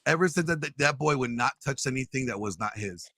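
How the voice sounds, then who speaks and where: A man telling a story in casual chat, loudly acting out the voices in it. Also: medium pitch, brisk, no echo. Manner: animated storyteller, acts out quotes loudly. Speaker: podcast co-host telling a story.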